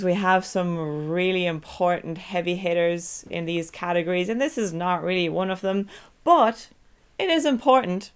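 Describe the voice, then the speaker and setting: A woman's voice: medium pitch, smooth. Dry teasing female co-host. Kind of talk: casual chat.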